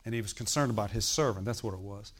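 Older man preaching, animated and dramatic. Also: fast. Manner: animated storytelling, acting out quoted dialogue with rising pitch and volume; drops into quiet, confiding asides. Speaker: pastor. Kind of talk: sermon. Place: church.

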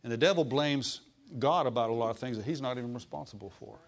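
A man's voice: medium pitch, quick pace. Conversational male preacher. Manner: conversational preaching, asks the congregation questions; acts out voices in quotes. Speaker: pastor. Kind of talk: sermon.

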